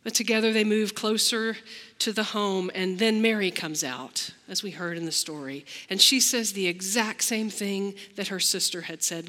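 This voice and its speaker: A woman pastor delivering a slow, reflective sermon, acting out the lines she quotes. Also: mid-range voice, bright, forceful tone, long reverb tail.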